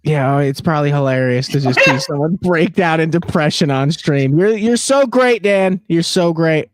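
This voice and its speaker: A man's voice: a little high, moderate pace. A man co-hosting a live stream in casual banter, joking and teasing. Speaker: stream co-host.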